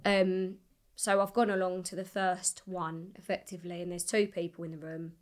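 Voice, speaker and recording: A young woman, a singer, telling her story in a casual interview, animated and swearing freely as she acts out what people said. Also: fairly low pitch, moderate pace. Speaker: singer guest.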